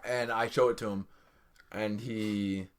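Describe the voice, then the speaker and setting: A man's voice: lowish voice, fairly even intonation, a little slow. A young man co-hosting a podcast, telling a work story in casual chat, acting out the people in it and laughing often. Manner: storytelling with quoted voices and laughter. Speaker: podcast co-host.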